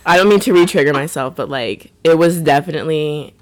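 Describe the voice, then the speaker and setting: A young woman telling stories in casual chat, animated and full of "like". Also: deep voice, a little fast, hardly any pauses. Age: young adult. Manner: chatty, animated storytelling with lots of "like". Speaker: podcast co-host.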